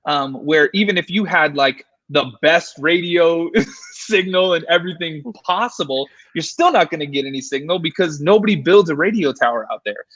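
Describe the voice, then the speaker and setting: A man, a paranormal investigator, telling an animated story in a casual interview, full of fillers and restarts. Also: a little high, normal speed, dry recording, dull audio. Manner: excited, filler-heavy, animated retelling.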